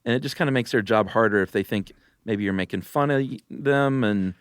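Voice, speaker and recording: A man co-hosting a podcast in casual chat, easygoing and quick to laugh. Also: fairly low pitch, clean tone, no echo, clean studio sound. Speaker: podcast co-host.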